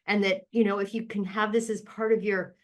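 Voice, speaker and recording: A woman co-hosting an online class, talking fast and upbeat as she wraps things up. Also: mid-range voice, little pitch movement. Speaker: co-host closing the class. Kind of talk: live online class talk. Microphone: video call.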